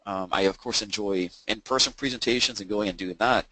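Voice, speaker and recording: A man's voice: fairly low pitch, a little fast, sharp tone, dry recording, low-quality recording. A man coaching traders in a webinar, explaining step by step in a conversational way, with frequent fillers and restarts. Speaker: trading coach presenting a webinar. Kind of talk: webinar presentation.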